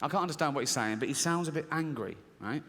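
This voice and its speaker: Recorded with plenty of stage reverb in a large stand-up hall, a middle-aged man from England rattles through a comic story at a quick pace. His voice is a little high and fairly bright as he plays out the voices in his head and laughs at his own material.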